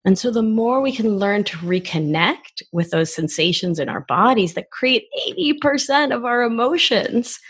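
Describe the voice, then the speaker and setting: A woman in her forties, a wellness expert talking in a casual podcast conversation, animated and expressive. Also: fairly high pitch, moderate pace, hardly any pauses, slightly rough. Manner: animated, acts out child voices in quotes.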